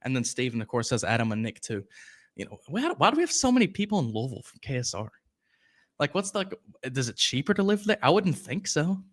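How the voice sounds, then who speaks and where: Bright-voiced young man rambling about sports. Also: mid-range voice, big pitch swings, quick pace. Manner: rambling, reads viewer comments aloud, goes off on tangents. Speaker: sports podcast host. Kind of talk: casual live-stream commentary.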